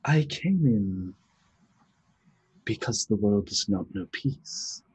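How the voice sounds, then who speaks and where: A solemn otherworldly being who speaks in unhurried, cryptic pronouncements, played by a man running a tabletop game. The voice is low and a little husky, paced with deliberate calm. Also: heavily acted. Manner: slow, measured, cryptic pronouncements. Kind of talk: tabletop role-play voicing.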